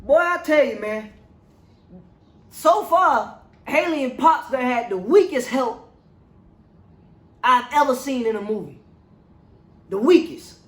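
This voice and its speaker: A movie reviewer recapping a film's plot in a casual, slangy, animated storytelling way. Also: sits high, slow pace, pauses often. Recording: roomy echo.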